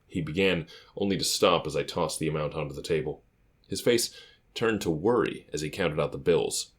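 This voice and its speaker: Deep-voiced man narrating a story calmly. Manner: calm, measured, quiet. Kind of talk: first-person scripted story narration.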